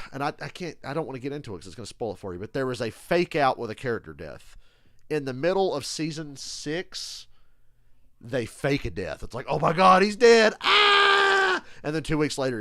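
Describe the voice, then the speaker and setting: A man chatting casually on a live stream, telling stories in an animated, profane rant. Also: mid-range voice, dry recording, studio quality. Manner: animated, profane, ranting storyteller. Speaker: streamer reacting live to a football game.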